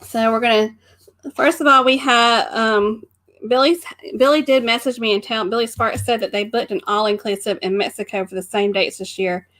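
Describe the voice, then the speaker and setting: A woman's voice: fairly high pitch, fairly even intonation, normal speed, fairly bright tone. A middle-aged woman co-hosting a casual live stream, greeting viewers by name and laughing often. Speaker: co-host of a live travel stream.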